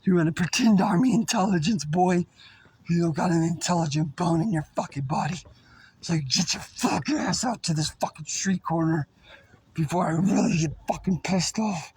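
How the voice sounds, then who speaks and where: A man delivering an aggressive, profane, threatening rant at an unseen person, rambling and swinging between shouting and muttering. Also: a little high, moderate pace, slightly rough.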